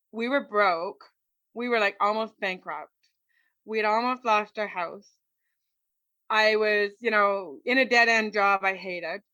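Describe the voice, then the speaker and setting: Bright, lively woman telling her story. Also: medium pitch, no echo. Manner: lively storyteller, quotes people, frequent "like". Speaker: interview guest, motivational speaker. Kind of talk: personal storytelling in conversation.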